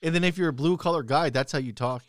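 A man's voice: on the high side, fast talker, no echo, studio quality. A young man telling stories bluntly and profanely in casual chat, quoting his own heated retorts.

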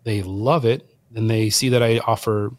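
A man's voice: on the low side, fairly even intonation, moderate pace, dry recording. A man, a wild game chef, telling a personal story as a guest and acting out the voices of people he quotes. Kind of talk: storytelling in conversation.

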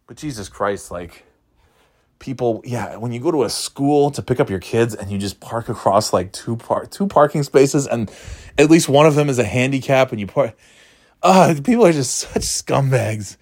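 Middle-aged male host, casual storyteller with lively pitch. Profane and rambling, with sudden high-pitched shouts. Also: normal speed, no room sound, studio quality. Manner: rambling and profane, with frequent fillers; shouts in a high voice when reenacting his outbursts.

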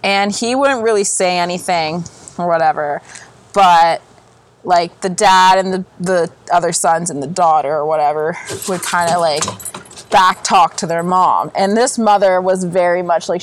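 A woman's voice: fairly low pitch, moderate pace. A woman co-hosting a podcast, chatting casually with blunt, profane, fired-up storytelling and frequent laughter. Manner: laughs often. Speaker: podcast co-host. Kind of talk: casual chat.

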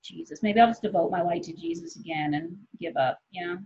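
A woman in her forties, a comedian guest, chatting casually and candidly, rambling and swearing freely with quick laughs. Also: lowish voice, darkish tone, a little hiss or hum. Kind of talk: casual podcast chat. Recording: dull lo-fi sound.

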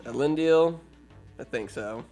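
A man's voice: mid-range voice, slow pace, a little mellow, soft background music. A man casually retelling a fantasy film for laughs, rambling and profane, with sarcastic asides. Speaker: comedic film recapper. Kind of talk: casual comedic story recap.

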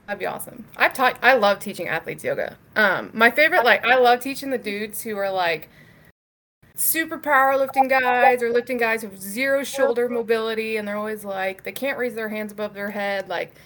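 A woman's voice: on the high side, a little fast, fairly bright tone. A young adult woman telling her story as a podcast guest, talking casually with lots of "like" and "um" and easy swearing. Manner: chatty, frequent "like" and "um" fillers.

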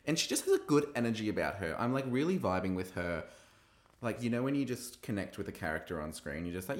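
A man hosting a podcast, recapping a TV episode in a gossipy, animated way and acting out quoted lines. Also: on the low side, quick pace, reverberant. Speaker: podcast host reviewing a TV episode. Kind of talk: casual recap chat.

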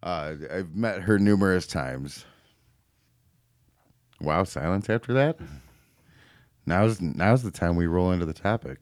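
A man's voice: deep voice, measured pace, long pauses, no echo, clean studio sound. A man co-hosting a casual podcast, making wry teasing remarks. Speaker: podcast co-host. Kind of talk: casual chat.

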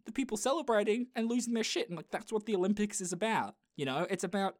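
A man's voice: high voice, fast, no room sound, studio quality. A man hosting a podcast in casual chat, rambling with lots of fillers. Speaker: podcast host.

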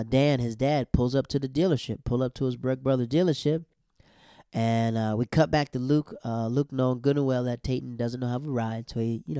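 A young man giving a chatty, animated recap of a TV episode and acting out the characters' lines. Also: medium pitch, clean tone, no room sound, clean studio sound. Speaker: show recap host.

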